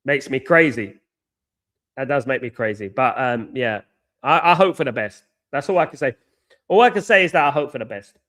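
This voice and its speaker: This live watchalong rant comes from a football fan channel host with a somewhat bright, mid-range voice and a moderate pace. He is frustrated, repeats himself a lot, and uses many ums.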